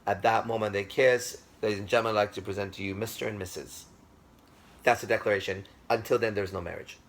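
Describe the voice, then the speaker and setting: A man's voice: lowish voice, steady tone, fast. A man giving a classroom lecture, speaking with emphasis, repeating himself and checking that the class agrees.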